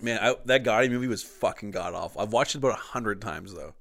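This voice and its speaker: A man's voice: on the low side, fast, vocal fry. A man chatting casually, telling stories with lots of swearing, acting out quotes and laughing often. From Canada. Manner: animated storyteller, acts out quotes in varied voices, laughs often, swears a lot. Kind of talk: casual chat.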